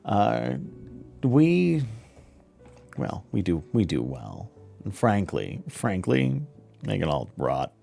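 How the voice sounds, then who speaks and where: Man voicing a scornful crime boss, very deep voice, languid drawl. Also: huge pitch swings, takes it slowly, gravelly, pauses often, dark tone, faint music behind, exaggerated voice. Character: smug male crime boss, lounging and scornful.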